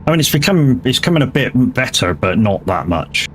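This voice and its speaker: Very animated at a normal speed, an English man with a mid-range voice chats during his driving-game livestream, with a little hiss or hum audible. This gaming streamer rambles chattily and swears freely.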